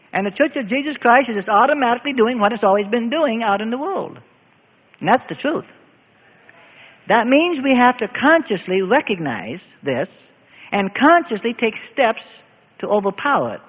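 An older man preaching a sermon as pastor, swinging from low, quiet asides up to loud, emphatic declarations. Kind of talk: evening sermon. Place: church hall. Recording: echoey hall, thin phone-like sound.

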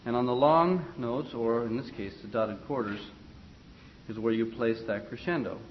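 A man leads a music class in a classroom, his voice of middling pitch. He explains phrasing in short, broken phrases and turns to his students often. The recording is dull and lo-fi, with a faint hiss underneath. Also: normal speed. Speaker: choir or music teacher. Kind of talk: classroom instruction.

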